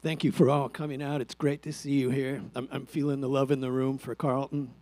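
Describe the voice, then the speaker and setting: A man, a former bandmate, reading a prepared memorial tribute in a steady, reflective way with dry humor. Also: medium pitch, fairly quick, dry recording. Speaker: eulogy speaker, former bandmate.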